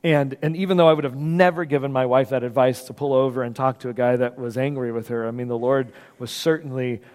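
A man preaching a sermon, telling a story with lively acted-out voices, moving between loud bursts and hushed moments. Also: mid-range voice, quick pace. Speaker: pastor. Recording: long hall reverb.

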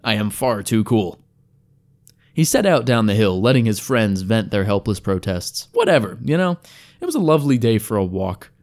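A man's voice: lowish voice, very animated, fairly quick, darkish tone. A man reading a fantasy story aloud as narrator, in a wry storytelling manner. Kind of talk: scripted narration.

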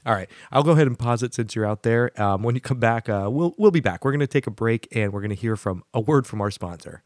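A man's voice: medium pitch, animated, fast, darkish tone, dry recording, clean studio sound. A man hosting a casual podcast, telling rambling stories and laughing often. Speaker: podcast host.

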